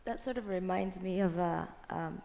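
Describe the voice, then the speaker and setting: A woman's voice: lowish voice, normal speed, vocal fry, dark tone. A woman from Rwanda on a panel, reflecting on her school years with some hesitation.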